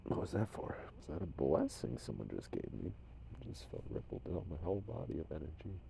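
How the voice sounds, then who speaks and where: A man from Minnesota talking casually to unseen spirits as a medium, rambling and shifting between loud commands and soft whispers. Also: sits low, very animated, brisk, gravelly, a little hiss or hum. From Minnesota, USA.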